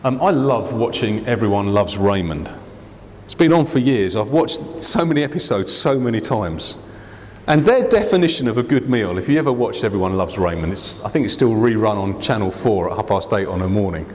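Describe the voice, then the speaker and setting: A man preaching a sermon to his church, expressive, acting out the voices he quotes. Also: a little fast, slight background noise. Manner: expressive, acts out quoted voices with big pitch swings. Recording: hall reverb.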